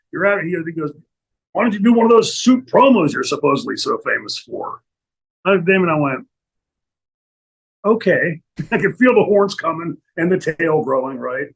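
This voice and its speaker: A middle-aged man tells a profane story as an interview guest. His voice is husky and sits a little high. He acts out every quote with animated energy. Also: moderate pace, pauses often, rough recording.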